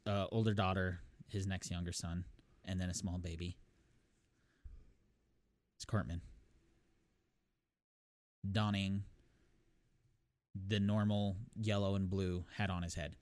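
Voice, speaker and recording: A man co-hosting a casual podcast, telling a story with lots of laughter and quick put-on voices for the quoted lines. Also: deep voice, level tone, darkish tone, dry recording. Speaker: podcast co-host. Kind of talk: casual chat, retelling a cartoon episode.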